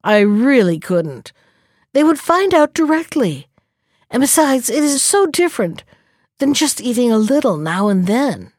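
A woman's voice: a little high, very animated, unhurried, darkish tone, dry recording, clean studio sound, voice pushed up. A woman voicing a timid little male hedgehog in a storybook reading, speaking in a fussy, nervous way. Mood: anxious.

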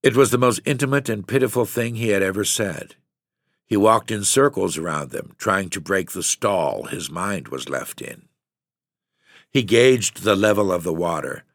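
A man reading a literary story aloud in a measured, steady narration. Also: deep voice, no echo, clean studio sound. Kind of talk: scripted audiobook narration.

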